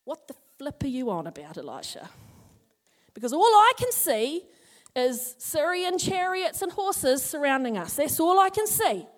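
A woman voicing a panicky young male servant who is incredulous and sarcastic about his master's calm. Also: high-pitched, measured pace. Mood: exasperated. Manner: exasperated, incredulous.

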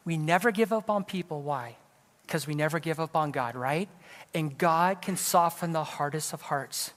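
A man's voice: a little high, moderate pace, fairly bright tone, in a large hall. A middle-aged man from California, preaching as an evangelist and telling a personal story in a conversational way with self-deprecating jokes. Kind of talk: sermon. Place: church sanctuary.

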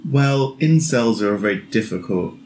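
A man on a comedy podcast, making deadpan, provocative remarks. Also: medium pitch, normal speed, echoey room, soft background music.

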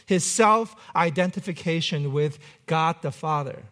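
Male pastor, high voice, relaxed conversational sermon with dry humor. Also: unhurried. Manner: conversational preaching with light humor.

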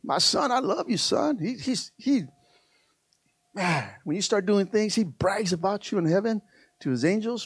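A male pastor delivering a passionate sermon, swinging from soft asides to loud, fervent climaxes. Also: high voice, lively intonation, normal speed, slightly rough, no room sound.

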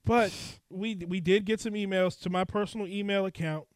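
A man's voice: high voice, steady tone, normal speed, no echo. A man hosting a comedy podcast, announcing segments and laughing often in casual banter, recorded in a home basement studio. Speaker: podcast host.

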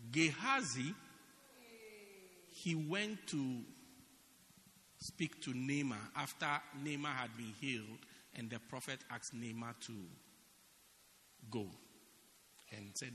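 A man preaching a sermon, animated and joking with the congregation. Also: mid-range voice, slow, pauses often, slight background noise. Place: church hall. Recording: reverberant church hall.

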